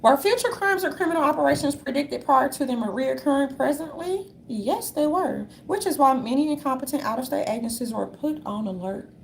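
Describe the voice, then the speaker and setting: Sassy woman with a gravelly edge, kinda high voice, reading off her notes, calls everyone darlings, faint hiss behind. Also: lively intonation, a little fast, hardly any pauses. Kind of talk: casual monologue reading from notes.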